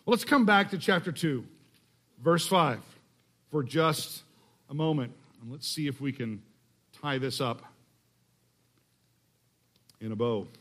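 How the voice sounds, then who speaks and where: Middle-aged man from Texas, slightly high voice, casual sermon delivery with deliberate scripture reading. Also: lively intonation, fairly bright tone. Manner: conversational, restarts phrases, slows to read scripture. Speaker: pastor.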